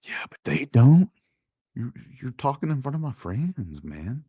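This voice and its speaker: Sarcastic slow-talking male host. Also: medium pitch, big pitch swings, mellow, husky, no room sound, dull audio. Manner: sarcastic, mock-indignant, slow and drawn out. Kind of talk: casual commentary.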